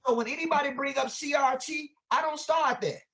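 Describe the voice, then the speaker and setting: His voice is extremely high yet gravelly, fairly bright, and a little fast. This guest educator teaches in an impassioned, conversational, preacher-like way, asking many rhetorical questions and using vernacular grammar casually.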